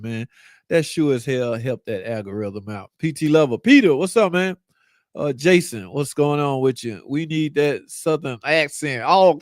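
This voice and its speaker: A man's voice: fairly high pitch, dry recording. A man with a slightly raised voice hosts a casual live car-talk stream. He goes through viewer comments in loose slang and jokes with them. The sound is close and dry, with no room around it. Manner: loose, slangy, joking banter. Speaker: car channel host.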